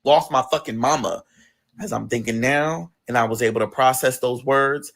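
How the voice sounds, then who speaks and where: A man's voice: medium pitch, normal speed, gravelly, fairly bright tone. A man telling his personal story in an emphatic, profane way, with sudden outbursts. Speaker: guest telling his life story on a livestream.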